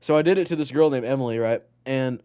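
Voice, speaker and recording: A young man chats on a podcast, rambling loosely through stories with plenty of "like" and "bro". His voice sits at an ordinary middle pitch. The sound is dry, with no room around it. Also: fast, mellow, clean tone, no room sound. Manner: rambling storyteller, loads of "like" and "bro". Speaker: podcast co-host. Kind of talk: casual chat.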